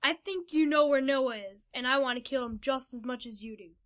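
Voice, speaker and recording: A woman's voice: high voice, a little fast, natural voice. Woman doing a menacing villain. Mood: scheming. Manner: threatening, shouting. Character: menacing hunter male villain.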